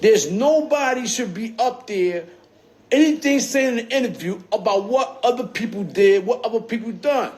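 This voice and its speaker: A man's voice: sits high, a little mellow. A man talking casually on a livestream in streetwise slang, often tagging on "you heard?". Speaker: livestream host. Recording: phone screen-recorded livestream.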